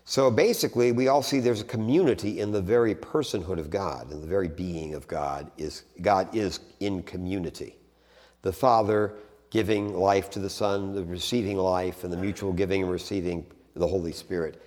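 A man giving a conversational theology lecture, restarting phrases and stressing points with sudden animated rises. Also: sits low, normal speed. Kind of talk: teaching talk on theology. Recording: long hall reverb.

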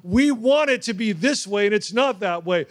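Man, pastor, high-pitched, sermon, conversational, animated storytelling. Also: moderate pace.

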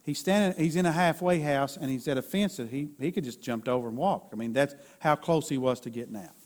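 A man's voice: medium pitch, fairly quick. A man preaching a sermon in a folksy way, sketching stick figures and building to emphatic peaks. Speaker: pastor.

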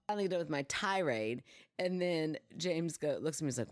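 A woman's voice: lowish voice, a little fast, a little mellow, no echo, studio quality. A woman co-hosting a podcast, telling stories in a casual chat and acting out the quotes with animation. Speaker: podcast co-host.

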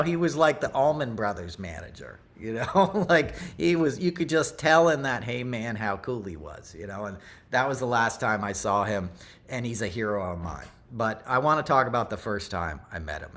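Low-voiced middle-aged man rambling through a story. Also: expressive, moderate pace, a bit bright. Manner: rambling, loose and conversational, full of asides and self-corrections. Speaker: podcast host. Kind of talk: casual storytelling monologue.

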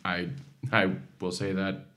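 A young man with a fairly low voice, talking as a singer being interviewed. He tells his stories with lively energy and enthusiasm. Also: slow pace. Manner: enthusiastic storyteller, animated. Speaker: singer, talent show contestant. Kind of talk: interview guest.

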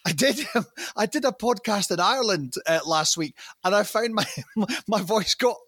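A man's voice: high-pitched, animated, moderate pace, fairly bright tone, no room sound. Chatty Scottish man, dry close sound. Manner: chatty storyteller with fillers and laughs. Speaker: guest. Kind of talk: casual podcast chat.

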